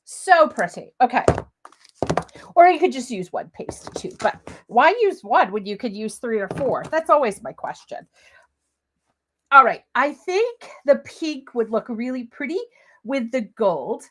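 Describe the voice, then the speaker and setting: A woman's voice: a little high, big pitch swings, a little slow, a bit bright. A woman hosting a live crafting demo, chatty and gushing, talking straight to her viewers as she works. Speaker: crafting livestream host.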